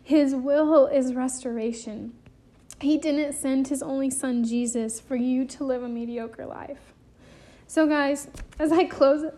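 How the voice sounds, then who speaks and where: Brief: woman, high voice, devotional podcast host, earnest and emotional, repeats phrases like a preacher. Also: fairly even intonation, slow pace, warm tone. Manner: emotional, close to tears.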